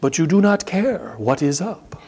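A pastor imitating an earnest young Kenyan man from a story, with a put-on Kenyan accent and a slow, pointed, half-whispered delivery. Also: a little high, sing-song, darkish tone, voice pushed up. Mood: reproachful.

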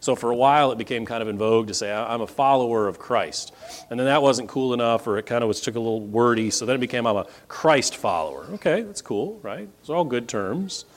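A man preaching a sermon in a conversational, energetic way to a congregation. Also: fast talker. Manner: lively, conversational preaching with wide pitch swings.

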